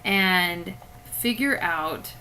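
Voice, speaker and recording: A woman's voice: lowish voice, extremely slow, pushed and bright, a little hiss or hum, low-quality recording. A woman teacher giving a recorded spelling lesson to children, patiently explaining each step through a webcam.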